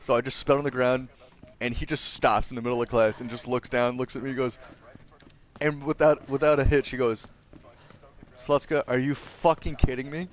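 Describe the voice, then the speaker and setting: A young man casually telling profane high school stories to friends, acting out what teachers said. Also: fairly even intonation, brisk. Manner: profane, acts out quotes of teachers. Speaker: channel host.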